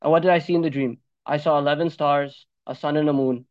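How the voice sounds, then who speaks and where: A man voicing a young boy who earnestly tells his father about a dream, in a lower voice than his own. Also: steady tone, fast talker, dry recording, dull audio, lightly acted. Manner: earnest, trusting.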